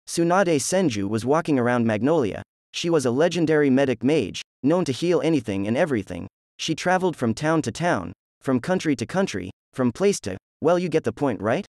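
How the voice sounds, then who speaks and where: Guy reading fanfic out loud, steady, dry close sound, mid voice. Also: mid-range voice, no room sound. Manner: plain steady reading with asides. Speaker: narrator. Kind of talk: fan fiction reading.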